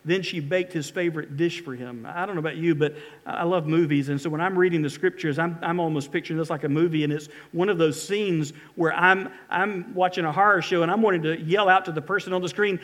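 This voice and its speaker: High-voiced preaching pastor. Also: male voice, fast, few pauses, fairly bright tone. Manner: dramatic, reads scripture aloud with emphatic pleas. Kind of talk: sermon.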